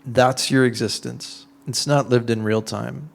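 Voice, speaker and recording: A man answering audience questions in an informal talk, explaining his ideas through conversational, animated everyday examples with lots of "like"s. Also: medium pitch, a little slow, creaky. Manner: conversational, animated storytelling with many "like"s.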